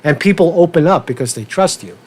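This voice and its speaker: A fairly high-voiced man hosting a livestream, getting worked up as he talks. He keeps restarting his sentences and repeating himself, drops the odd swear word, and calls on his viewers to respond. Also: expressive, a little fast, husky. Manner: asks viewers for feedback, profane. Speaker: livestream host. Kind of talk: casual livestream rant.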